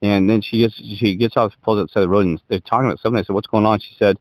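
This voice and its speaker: Male co-host, low voice and fast delivery, rambling storyteller who keeps restarting his sentences. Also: fairly even intonation, no room sound. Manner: rambling, self-interrupting, emphatic. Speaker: podcast co-host. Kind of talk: casual chat, rambling storytelling. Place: Colorado.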